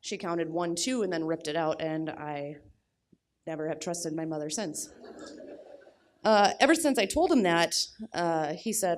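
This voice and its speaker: A young adult woman telling a personal story at a live storytelling event, blunt and crude with deadpan humor. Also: deep voice, measured pace, a little hiss or hum.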